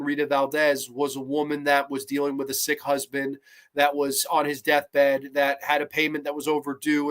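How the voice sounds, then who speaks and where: Chatty man reviewing old horror, slightly high. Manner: animated and chatty, many restarts, asks "right?"; blunt, swears casually. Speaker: podcast host reviewing horror episodes. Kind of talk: casual spoken review.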